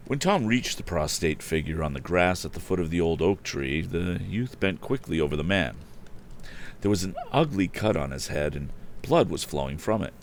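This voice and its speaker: A man reading an old adventure novel aloud, narrating and jumping into excited character voices. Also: moderate pace, slight background noise. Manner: animated, jumps up in pitch for excited characters. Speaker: storyteller.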